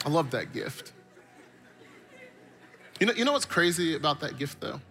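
A man's voice: on the high side, sing-song, moderate pace, fairly bright tone. A man preaching a sermon, telling stories with animation and building his points through repetition. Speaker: pastor.

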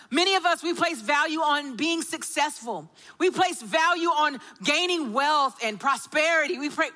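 A woman, preaching a sermon as an animated storyteller who acts out the dialogue. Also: sits high.

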